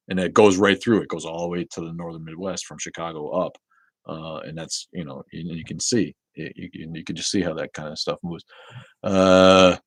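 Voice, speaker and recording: A man's voice: low-pitched, steady tone, a little fast, dry recording, studio quality. A man with a New England accent hosting a livestream, chatting casually and answering viewer comments. He rambles and often stammers through restarts. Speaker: livestream host.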